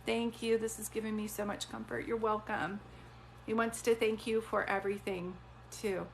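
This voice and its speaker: A woman doing a live-stream psychic reading, chatty and rambling, offering warm reassurance. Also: mid-range voice, level tone, moderate pace, creaky, slight background noise. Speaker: psychic medium.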